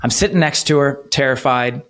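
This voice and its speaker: A man in his thirties, a podcast guest, earnestly telling a personal story of faith, slowing down to stress key moments. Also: mid-range voice, a bit bright. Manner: earnest storytelling, slows for emphasis. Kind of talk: personal testimony in an interview.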